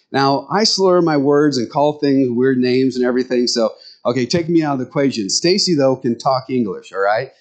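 A man preaching with a Nebraska accent, his pitch sitting in an ordinary middle range. He tells stories in a relaxed, folksy way, wandering off and restarting his sentences as he goes. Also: a little fast. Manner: folksy, rambling storytelling with restarts.

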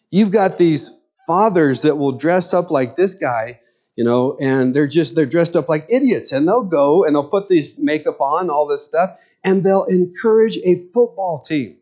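A man's voice: a little high, lively intonation, a little slow, darkish tone. A middle-aged man, a pastor, preaching a sermon in an earnest, conversational way with personal stories.

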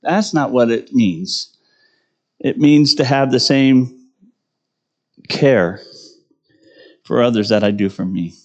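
A man's voice: mid-range voice, slow pace, long pauses. Chatty man preaching a casual sermon. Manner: conversational, self-deprecating, tags lines with "right?". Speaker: pastor.

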